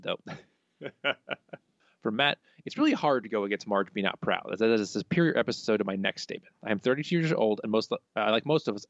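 A man's voice: fairly low pitch, a bit bright, no echo. Man reading listener mail on a podcast. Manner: reads listener messages aloud, chuckling asides. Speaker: podcast co-host. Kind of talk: casual podcast chat reading listener answers. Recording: dull, slightly lo-fi dry sound.

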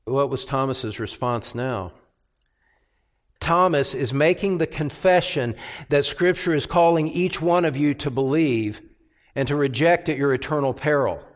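A male pastor preaching an expository sermon, emphatic, repeating words for stress and swinging from hushed to loud. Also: medium pitch, measured pace. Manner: emphatic, with dramatic swings between quiet and loud.

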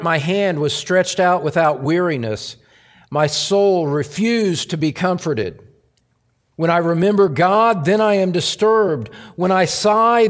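Guy preaching a sermon, slow and earnest, kinda high voice, big echoey reverb. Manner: earnest expository preaching, reading scripture aloud.

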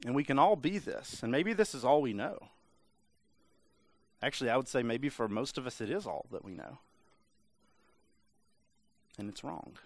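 A pastor with a medium-pitched, animated voice preaches at a moderate pace, leaving long pauses. His sermon is casual and conversational, packed with the filler "like," and he mimics voices playfully for humor.

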